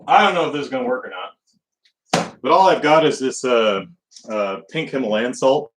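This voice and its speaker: A man's voice: medium pitch, lively intonation, normal speed, poor audio. A man hosting a live stream, baking and grumbling to himself in casual, exasperated chat.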